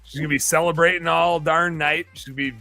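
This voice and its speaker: A man's voice: fairly high pitch, fairly even intonation, fast talker, gravelly, bright, forceful tone, faint music behind. A man in his thirties hosting a podcast, rambling and self-mocking in casual banter. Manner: rambling, self-mocking, reads aloud in a jokey tone. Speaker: podcast host.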